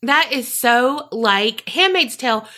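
A woman's voice: fairly high pitch, expressive, slow pace, bright, forceful tone. A woman co-hosting a podcast, reacting to the story with outspoken, profane comments in casual chat. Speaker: podcast co-host.

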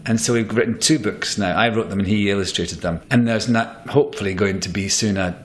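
Male guest with a fairly low voice, animated and rambling storyteller, casual interview. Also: brisk.

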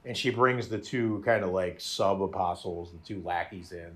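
A man's voice: deep voice, normal speed, a bit bright. A man hosting a podcast, chatting animatedly about a show with frequent laughs and restarts. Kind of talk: casual chat reviewing a show.

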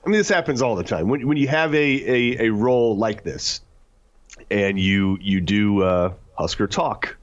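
A man's voice: moderate pace, no echo, dull audio. A man co-hosting a sports talk show from his home office, bantering casually and laughing often. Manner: animated, laughing, jumps between high and low pitch.

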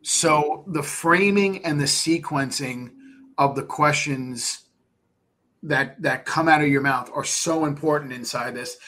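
A man's voice: fairly high pitch, measured pace, pushed and bright. A man speaking as a podcast guest, talking casually and animatedly, often repeating words and acting out conversations with sellers. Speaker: podcast guest, real estate investor. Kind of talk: casual interview talk.

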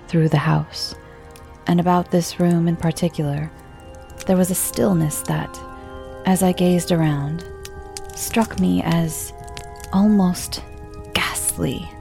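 A woman narrating a classic ghost story in a measured, dark way, dropping into whispers for suspense. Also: fairly low pitch.

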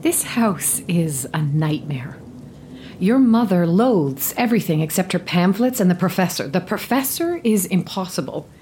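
An actress playing a weary, exasperated young wife who lectures and scolds in a stage drama. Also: female voice, mid-range voice, animated, normal speed, few pauses, mellow, a little hiss or hum, close to an everyday voice. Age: young adult.

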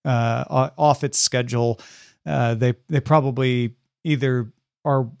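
A man co-hosting a podcast in casual chat, reading out listener news, relaxed and joking, with frequent "uh" fillers. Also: mid-range voice, measured pace, vocal fry, no room sound, clean studio sound. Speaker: podcast co-host.

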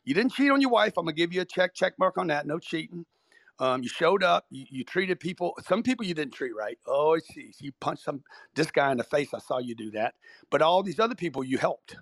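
A man's voice: on the high side, lively intonation, a little fast, a bit bright, no echo. A man doing a chummy, easygoing God at heaven's gate. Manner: casual, chummy, slangy. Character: laid-back male God welcoming at heaven's gate.

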